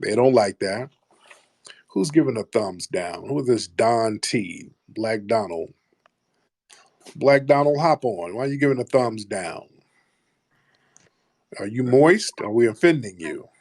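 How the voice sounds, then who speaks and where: A man's voice: mid-range voice, animated, a little slow, pauses often, darkish tone, dry recording. A man hosting a call-in talk show, speaking bluntly and mocking callers. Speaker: host.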